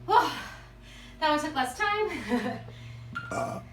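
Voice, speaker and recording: Woman, fitness instructor, out of breath, encouraging, counting reps, high bright voice, roomy sound from a distance. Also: unhurried, soft background music. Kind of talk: leading a follow-along workout.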